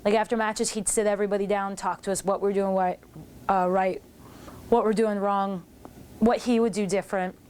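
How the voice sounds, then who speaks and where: A woman in her forties telling casual stories about her wrestling career, animated and acting out what others said. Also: medium pitch, normal speed, slight background noise. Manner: animated, acts out others' lines in quotes. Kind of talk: casual storytelling commentary.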